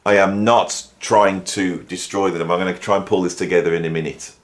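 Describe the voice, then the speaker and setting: A man's voice: deep voice, fairly even intonation, fairly quick. A middle-aged man from the Midlands, hosting a casual music commentary in a wry, rambling, mock-exasperated way. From English Midlands. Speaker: YouTube host and music educator.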